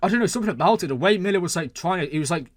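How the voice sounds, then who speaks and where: A man hosting a reaction channel, excitedly talking through a TV episode and thinking aloud, with lots of exclamations and fillers. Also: high voice, racing, no echo, studio quality.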